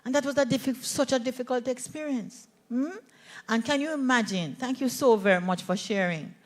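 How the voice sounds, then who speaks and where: A middle-aged play therapist with a Jamaican accent presents a conference workshop, her voice on the high side at a moderate pace. She tells stories animatedly and checks in with her audience.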